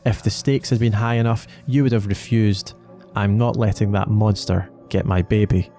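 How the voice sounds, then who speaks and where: A man's voice: on the low side, steady tone, moderate pace, dark tone, soft background music, close to an everyday voice. A man reading the lines of a desperate, pregnant young woman slayer in a snarling, pleading way. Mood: furious. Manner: pleading, snarling through teeth.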